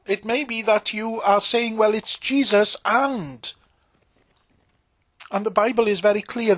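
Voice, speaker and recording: Slow, high-voiced preaching man. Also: dry recording. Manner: earnest, emphatic preaching with frequent fillers and pauses. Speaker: pastor. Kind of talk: sermon.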